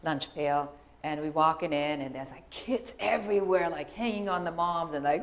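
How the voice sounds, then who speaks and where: Woman, middle-aged, low voice, chatty, anecdotal storytelling. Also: moderate pace. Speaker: speaker in a clip. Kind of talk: storytelling talk.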